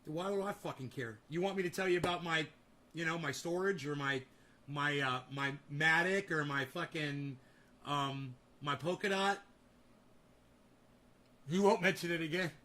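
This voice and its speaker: A man with a high, bright voice who rants at his livestream chat. His tone is heated and profane, and he snaps back at commenters while he keeps talking. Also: normal speed. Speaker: streamer host.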